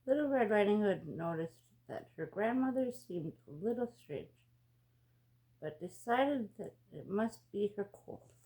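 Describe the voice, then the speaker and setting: A woman reading a fairy tale aloud as a storyteller, in a slow, expressive read-aloud manner. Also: medium pitch.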